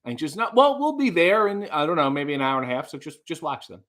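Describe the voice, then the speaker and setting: A man's voice: fairly high pitch, quick pace. A man playing a dry, sarcastic caller trying to book a table over the phone. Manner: deadpan, sarcastic. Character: sarcastic dry-witted man phoning a restaurant.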